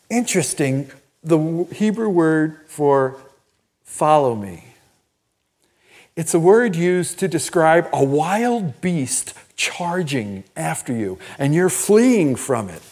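An older man preaching a sermon as pastor, telling personal stories in an animated, emphatic way. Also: mid-range voice, takes it slowly. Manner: storytelling, animated and emphatic, laughs at own stories. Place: church.

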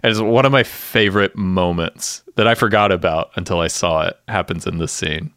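A man co-hosting a podcast, chatting casually and acting out TV scenes with quick voices. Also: low-pitched, no echo, clean studio sound. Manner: animated, acts out scenes with voices. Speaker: podcast co-host. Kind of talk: casual chat recapping a TV episode.

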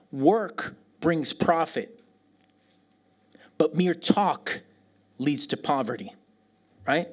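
A middle-aged pastor preaching a sermon, telling stories with animated bursts and falling to a near whisper when he prays. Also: mid-range voice. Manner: animated storytelling, dropping to a near whisper in prayer.

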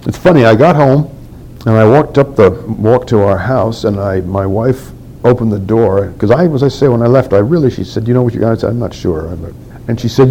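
A man's voice: fairly low pitch, brisk, mellow, slight background noise, rough recording. An older man telling a candid story from his past in an oral history interview, acting out what others said.

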